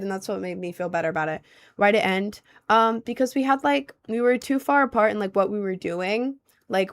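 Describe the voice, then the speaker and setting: A young woman talks casually to her stream audience, answering their questions. She rambles and fills her sentences with "like" and "um". Her delivery is loose and conversational. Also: medium pitch. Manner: rambling, heavy use of "like" and "um".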